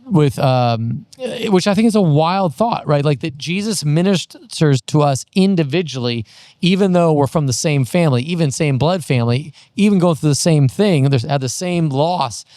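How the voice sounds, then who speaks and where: A man's voice: fairly high pitch, lively intonation, moderate pace, a little mellow, no echo, studio quality. A man co-hosting a casual Bible discussion podcast, enthusiastic and thinking aloud as he talks. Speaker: podcast co-host.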